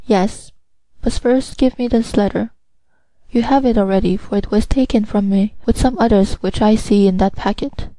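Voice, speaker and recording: A woman's voice: medium pitch, moderate pace, mellow, no room sound, close to an everyday voice, rough recording. A woman voicing an earnest young male sailor, raising her voice into a pleading, heightened tone. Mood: joyful.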